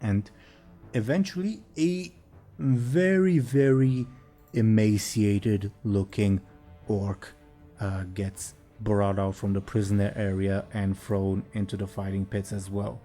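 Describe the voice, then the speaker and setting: Slow, mellow-voiced man running a tabletop game. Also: fairly low pitch, level tone, faint music behind. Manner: slow narration with fillers. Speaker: game master.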